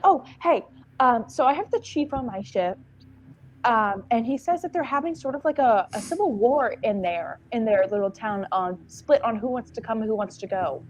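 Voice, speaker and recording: A woman's voice: fairly high pitch, lively intonation, normal speed. Chatty woman playing a tabletop game. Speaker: player.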